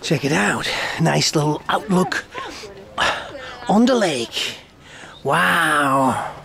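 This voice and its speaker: A man's voice: a little high, drawn-out words, gravelly. A man from Switzerland filming a casual walking vlog by a lake and in an old church, musing aloud and sometimes dropping to a whisper. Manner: relaxed, musing, drops to a whisper now and then. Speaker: travel vlogger.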